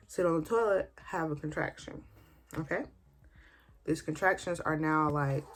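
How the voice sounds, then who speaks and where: A young woman telling a casual, lively story while doing her makeup, slipping into colloquial speech and acting out the people she quotes. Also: low-pitched. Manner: animated, colloquial, acts out quotes. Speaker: beauty vlogger.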